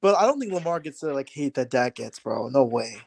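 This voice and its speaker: A man in a casual sports debate, defensive and quick to cut in. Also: mid-range voice, very animated, vocal fry, darkish tone. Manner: quick, defensive, keeps interrupting.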